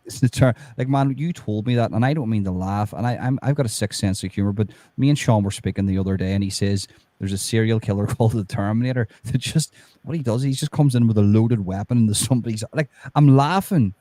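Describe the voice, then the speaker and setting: A man's voice: fairly low pitch, fast talker, warm tone, dry recording. A man chatting heatedly about true crime, swearing often and restarting his sentences. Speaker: podcast co-host. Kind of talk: casual true-crime chat.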